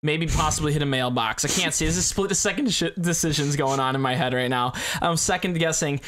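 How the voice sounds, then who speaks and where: Animated young man telling a story. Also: fairly high pitch, fairly quick. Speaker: podcast co-host. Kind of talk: casual chat.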